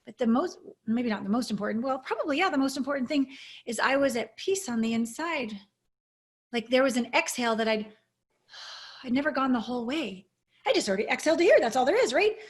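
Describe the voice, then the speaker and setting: A woman coach answering interview questions over a video call. Her voice sits a little high, and her delivery is earnest, reflective and openly emotional. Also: lively intonation, brisk. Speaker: intimacy coach, guest. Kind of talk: interview storytelling.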